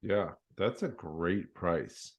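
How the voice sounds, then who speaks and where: A man's voice: low-pitched, slow pace. A man hosting a casual real estate interview, reacting supportively and asking follow-up questions. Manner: supportive, short affirming reactions. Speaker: podcast host, realtor.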